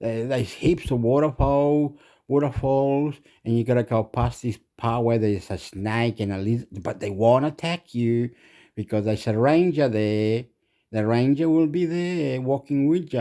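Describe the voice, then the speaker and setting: A man's voice: medium pitch, dark tone. Rambling crude man. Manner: rambling, crude, many fillers and restarts. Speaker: vlogger. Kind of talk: rambling comic storytelling.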